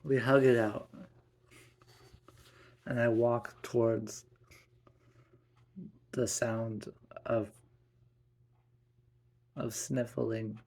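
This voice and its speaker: A man with a slow, gravelly voice tells a first-person family story. He speaks haltingly and often restarts his sentences. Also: medium pitch, flat delivery, darkish tone.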